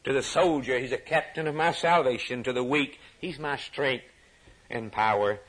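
This sermon comes from a man speaking at a moderate pace with a rhythmic cadence. He builds to high, shouted climaxes and then sinks into quiet asides.

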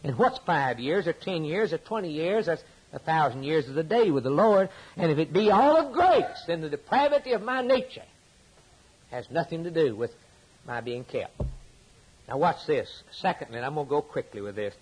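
A man delivers an impassioned sermon. His voice is husky, and his pitch swoops widely as he stacks up repeated lines, then drops low for quiet points. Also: animated, normal speed, low-quality recording. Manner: impassioned, preaching with rising and falling emphasis and repetition. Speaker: preacher.

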